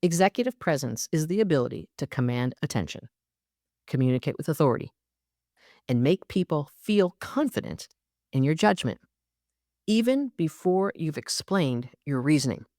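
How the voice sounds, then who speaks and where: A woman's voice: deep voice, lively intonation, normal speed, dark tone, no room sound, clean studio sound. A woman hosting a solo podcast, coaching listeners in a direct, emphatic way. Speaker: podcast host and leadership coach.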